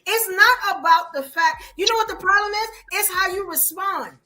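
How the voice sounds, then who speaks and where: This woman from Brooklyn, with a New York accent and a very high voice, co-hosts a casual podcast at normal speed. She tells her stories animatedly and with plenty of emphasis.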